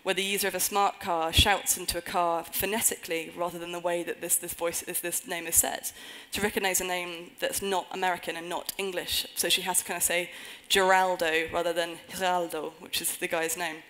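A woman's voice: on the low side, level tone, brisk, few pauses, a bit bright, low-quality recording. A woman giving a conference talk on a stage before an audience, earnest with wry humorous asides. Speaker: conference speaker.

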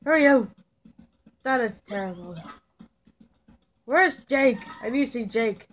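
A woman's voice: a little high, takes it slowly, a little hiss or hum. Tails voiced by a woman, a hyper young fox. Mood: pushy. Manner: excitable, bouncy, keeps shouting questions at passers-by. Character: hyper young male fox kid, cheerful and pushy. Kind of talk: in-character game commentary.

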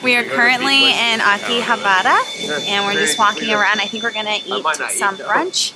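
A woman's voice: mid-range voice, steady tone, normal speed. A young woman narrating a casual travel vlog, chatty and giggly, with lots of fillers. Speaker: vlogger. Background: background music.

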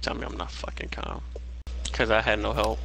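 A man's voice: on the low side, huge pitch swings, moderate pace, vocal fry, fairly bright tone, slight background noise, poor audio. A young man giving live gameplay commentary, ranting and swearing in exasperation at his teammate. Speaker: gamer.

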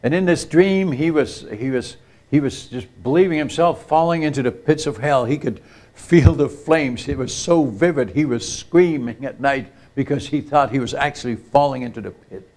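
A man's voice: mid-range voice, normal speed, darkish tone. An older man, a missionary speaker, telling a story in a sermon at a retreat camp meeting, acting out the quoted voices and often turning to the audience with asides.

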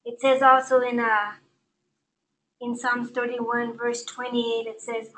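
Woman pastor, high pitched and bright, preaching with passion. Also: level tone, slow, poor audio. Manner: passionate, building to emphatic preaching; soft and reflective at the start. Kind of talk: sermon.

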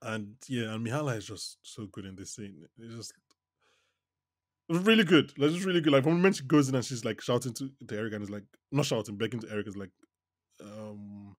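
A man co-hosting a podcast in a casual TV recap chat, animated, laughing often and restarting his sentences. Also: mid-range voice, fairly quick, no echo, clean studio sound. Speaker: podcast co-host.

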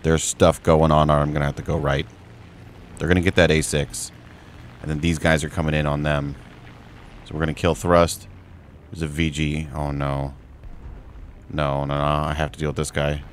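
A young man commentating his own flight game, muttering low play-by-play and yelping high and joking when things go wrong. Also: moderate pace, pauses often, slight background noise. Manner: excitable, jokey, yelps high when in trouble. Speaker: gaming streamer. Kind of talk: gameplay commentary.

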